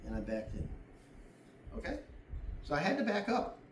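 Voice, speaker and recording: A blunt, foul-mouthed middle-aged man explains driving and parking in a casual demonstration. His voice sits a bit high and sounds distant, bouncing around an echoey room with faint background hum. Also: huge pitch swings, normal speed. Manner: blunt and profane, acts out other drivers. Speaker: driving advice presenter.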